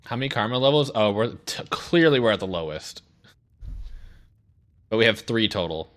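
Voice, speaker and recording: A man with a fairly low voice narrates his own gameplay live, grumbling and cursing at every setback. His speech swings widely between low mutters and sharp high outbursts. The tone is bright and forceful. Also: lively intonation, moderate pace. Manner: profane, exasperated running commentary. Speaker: streamer.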